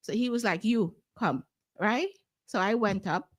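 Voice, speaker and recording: A woman's voice: medium pitch, normal speed, dry recording, studio quality. A woman with a Guyanese accent, telling a story in casual talk and acting out the voices of the people in it. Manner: animated, acts out quoted voices. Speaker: guest.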